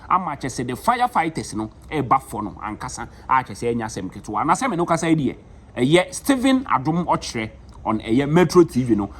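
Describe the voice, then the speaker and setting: A man's voice: a little high, fairly bright tone, slightly rough. A Ghanaian man with a Ghanaian accent hosting a news update, mixing Twi with English words. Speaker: news show host.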